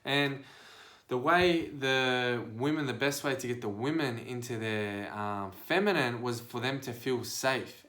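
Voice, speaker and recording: A man hosting a podcast, speaking casually and directly to his listeners in a preachy, animated monologue of advice. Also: mid-range voice. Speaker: podcast host and life coach.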